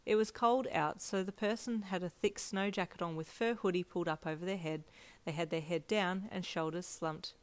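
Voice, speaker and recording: Una donna legge una storia in seconda persona con un ritmo gentile e regolare. La sua voce è piuttosto grave e la registrazione è secca e ravvicinata, senza riverbero della stanza. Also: female voice, fairly low pitch, moderate pace, no room sound. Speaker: fanfiction narrator. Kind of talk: second-person story narration.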